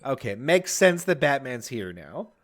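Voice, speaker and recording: A male podcast co-host chatting casually about a film, animated and swearing freely. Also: mid-range voice, measured pace.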